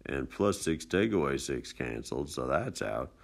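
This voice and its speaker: A man with a very deep, gravelly voice talks through math homework in a relaxed screencast lesson. He explains each step casually, with chatty, folksy asides. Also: normal speed. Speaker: math teacher. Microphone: tablet screencast mic.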